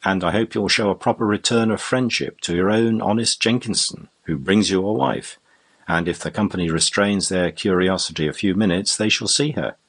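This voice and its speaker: A man reading the part of a sly, quick-witted male rogue in a classic novel, bold and wheedling. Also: deep voice, fairly bright tone, breathy edge, exaggerated voice. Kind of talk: audiobook character voice.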